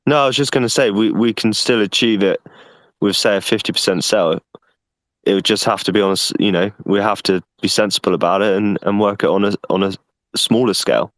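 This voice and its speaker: Guy on a call, lowish voice, earnest, keeps restarting his sentences, dry sound. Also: a little fast, no echo. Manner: earnest, repeats words while thinking, says "mate". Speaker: guest representing a project. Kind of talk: casual answers on an online call. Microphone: online voice call.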